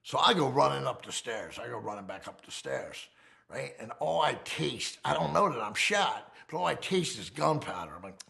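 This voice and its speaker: Give me a gravelly middle-aged man telling a wild story, animated and cussing. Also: mid-range voice, normal speed. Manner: profane, animated, swings his voice for quotes. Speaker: interviewee. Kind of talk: storytelling interview.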